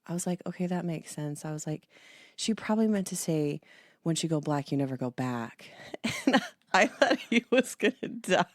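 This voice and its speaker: Low-voiced playful young woman. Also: expressive, normal speed, no room sound, studio quality. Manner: playful, teasing, laughs often. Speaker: podcast co-host. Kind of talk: casual chat.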